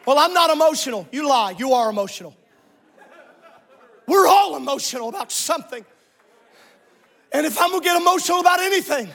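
A man preaching a sermon as a pastor, calling out to the congregation and shouting at the peaks. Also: very high voice, expressive, fairly quick, gravelly, pauses often, some chatter behind.

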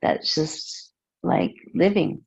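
Woman, podcast guest, very slow, raspy, lo-fi sound. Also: fairly low pitch, dry recording. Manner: slow, reflective, hesitant. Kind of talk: casual interview chat. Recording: dull muffled lo-fi sound.

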